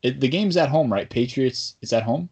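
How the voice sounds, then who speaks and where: A man's voice: medium pitch, animated, moderate pace, darkish tone, slightly rough. A man hosting a casual sports podcast, talking in a rambling, bantering way. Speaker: podcast host.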